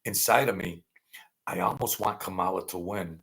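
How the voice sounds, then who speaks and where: A middle-aged man with a gravelly voice, ranting angrily and profanely in a rambling political monologue. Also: low voice, normal speed. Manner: angry, profane, rambling rant with sudden loud outbursts. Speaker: political commentary vlogger.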